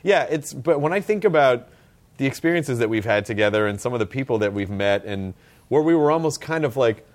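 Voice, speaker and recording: A man's voice: mid-range voice, expressive, a little fast. A man co-hosting a podcast, chatting casually and animatedly, laughing often and restarting his sentences. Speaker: podcast co-host.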